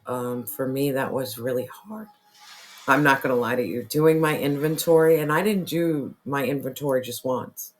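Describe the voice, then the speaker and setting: A tarot reader losing their voice, who keeps clearing their throat and talks earnestly and repetitively straight to the viewer. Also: medium pitch, moderate pace, a little hiss or hum. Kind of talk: casual spiritual tarot reading to camera.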